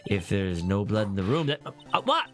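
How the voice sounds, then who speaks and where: A man doing a slow, deep, dithering old judge. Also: very animated, faint music behind. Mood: ponderous. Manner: slow, hesitant, deep ponderous delivery. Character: flustered elderly male judge, easily swayed.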